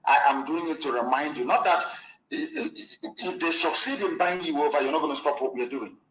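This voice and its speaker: A man's voice: fairly high pitch, quick pace, a bit bright, low-quality recording. A man giving an emphatic, preacherly radio broadcast address, played as a clip.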